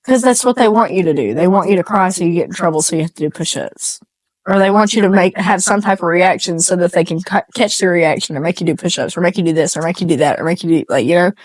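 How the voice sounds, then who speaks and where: A woman's voice: lowish voice, quick pace, no echo. A woman co-hosting a casual podcast, telling rambling stories with lots of laughter and casual swearing. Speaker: podcast co-host.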